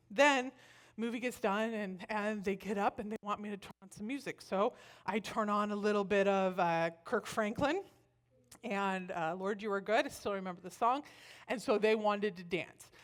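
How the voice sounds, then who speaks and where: In a church setting, a woman animatedly recounts personal stories and acts out the voices she quotes. Her mid-range voice keeps a moderate pace.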